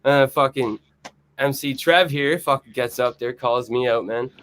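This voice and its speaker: A young man telling a story on a podcast as a guest musician, profane, excited and rambling. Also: medium pitch, moderate pace, a little hiss or hum. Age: young adult. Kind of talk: casual chat, storytelling. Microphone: video or remote mic, quiet at first.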